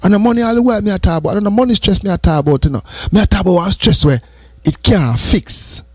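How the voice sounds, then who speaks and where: A man's voice: high voice, fast talker, slightly rough, no echo. Jamaican male host, patois-flavored morning sermon talk, repetitive and earnest; dry, close recording. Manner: earnest and repetitive, drifting between patois and English. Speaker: radio host. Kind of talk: morning radio talk, preachy advice.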